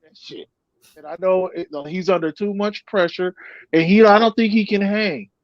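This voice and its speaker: A man calling in to a casual sports talk show, heated and profane, with quick apologetic asides. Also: sits high, dry recording, dull audio.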